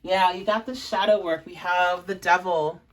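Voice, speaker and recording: A woman's voice: on the low side, steady tone, moderate pace, recorded from a distance. A young woman giving a pick-a-card tarot reading in a chatty, encouraging, rambling way, full of fillers. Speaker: tarot reader.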